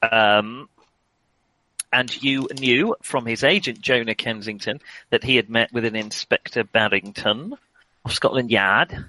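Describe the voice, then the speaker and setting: A man's voice: mid-range voice, a little slow, pushed and bright, poor audio. A man acting as game master, narrating clues in a rambling, self-mocking way and stumbling over names. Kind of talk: narrating a tabletop horror game.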